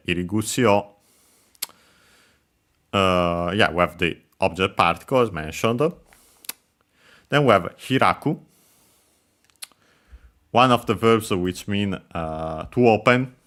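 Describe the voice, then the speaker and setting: Male let's-play language teacher, deep and bright-toned, slow and hesitant delivery with fillers. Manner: hesitant, many fillers and self-corrections; explanatory, chuckles while explaining.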